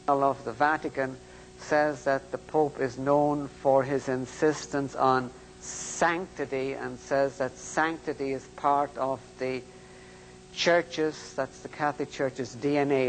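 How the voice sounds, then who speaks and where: An older man preaching in a slow, emphatic, deliberate way. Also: medium pitch, fairly even intonation, big-room sound, slight background noise, rough recording. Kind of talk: sermon-style lecture.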